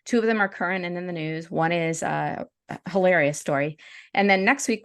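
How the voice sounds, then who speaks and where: Heard in studio quality with no room sound, this podcast co-host has a lowish voice with vocal fry and speaks at a moderate pace. She chats casually and reads a story aloud, stumbling a little and restarting here and there.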